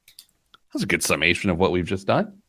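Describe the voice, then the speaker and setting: A man hosting a money podcast in casual chat, joking and animated. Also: deep voice, slightly rough. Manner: joking, animated, quick asides. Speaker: podcast host.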